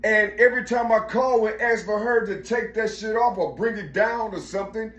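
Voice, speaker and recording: Recorded in a room with noticeable echo, a middle-aged man with a high, slightly bright voice talks at a moderate pace. His personal story wanders and is laced with profanity; he repeats himself, searches for words and leans constantly on "you see."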